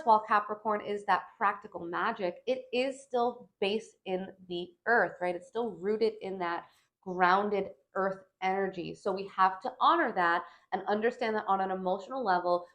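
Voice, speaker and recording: A woman at a middle pitch speaks straight to her viewers as she walks through the week's astrology. Her delivery is animated and emphatic, and she often tags her points with a quick "right?". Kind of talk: weekly forecast monologue.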